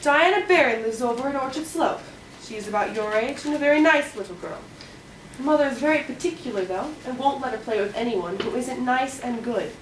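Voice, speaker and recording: An actress playing a stern, practical spinster guardian who speaks in a curt, no-nonsense way, in a stage play recorded from a distance. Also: female voice, on the high side, expressive, a little fast, natural voice. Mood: matter-of-fact. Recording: echoey hall, distant mic, background noise.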